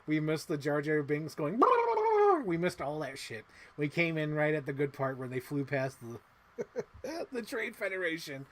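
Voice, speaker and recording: A man hosting a casual livestream, rambling excitedly and swearing often, acting out little movie quotes as he talks. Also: on the high side. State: emotional. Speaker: livestream host.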